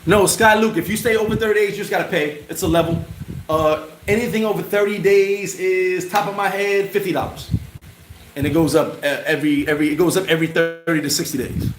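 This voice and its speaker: A man with a high voice hosts a casual livestream. He answers chat comments in an animated, slangy way and laughs often. He is recorded in a roomy space with loud noise behind him. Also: brisk. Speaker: channel host answering live chat. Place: bar.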